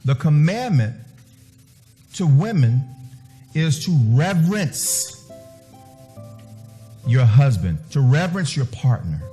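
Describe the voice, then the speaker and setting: A man's voice: mid-range voice, sing-song, takes it slowly, long pauses, dark tone, faint music behind. A man preaching a sermon emphatically, repeating key words and phrases for stress. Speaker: pastor.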